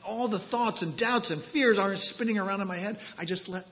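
Man, preacher, sermon, emphatic, bright tone, muffled recording. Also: high-pitched. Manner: emphatic, slows on key phrases. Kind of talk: sermon with scripture reading. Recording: dull lo-fi recording.

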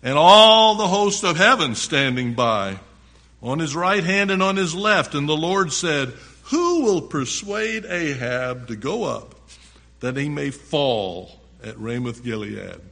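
A man preaching a sermon with a bright, forceful tone, reading scripture slowly and deliberately. He stops between verses to explain them in plain, conversational words. His voice rings out in the long reverb of a large hall. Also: a little high, sing-song. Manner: reads a passage aloud, then breaks off to explain it plainly.

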